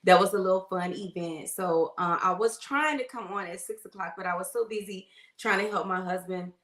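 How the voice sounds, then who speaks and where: A woman's voice: on the low side, fairly quick. Woman nurse going live on her phone, lotta y'all, chatty, roomy echo. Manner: chatty, warm greetings, uses y'all. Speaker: nurse and livestream host. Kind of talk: casual livestream chat greeting viewers. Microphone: phone livestream.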